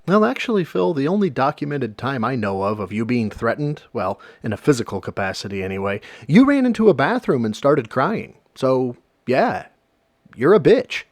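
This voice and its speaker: A man's voice: medium pitch, big pitch swings, moderate pace, no echo. Sarcastic man narrating commentary. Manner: sarcastic, mocking.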